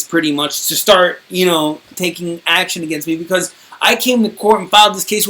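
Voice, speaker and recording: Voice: mid-range voice, fairly bright tone. A streamer in a casual, rambling monologue to viewers, indignant and wordy, swearing now and then. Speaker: streamer recounting own court case.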